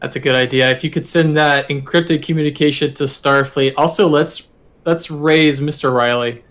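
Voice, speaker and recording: A man playing the captain in a tabletop game, giving calm orders. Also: a little high, normal speed. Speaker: player as captain. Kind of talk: tabletop role-play.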